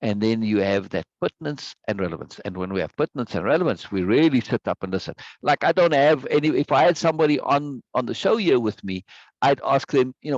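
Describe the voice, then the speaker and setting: A man's voice: mid-range voice, expressive, brisk, no room sound, lo-fi sound. A man teaching a live online course, talking conversationally, repeating words for emphasis and often checking in with "right?". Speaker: course instructor. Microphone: video call microphone.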